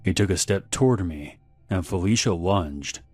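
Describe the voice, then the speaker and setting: A man with a very deep voice reads a scripted horror tale. He sets a measured, unhurried pace. Faint music plays beneath his narration. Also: lively intonation, a little mellow, breathy edge, no room sound.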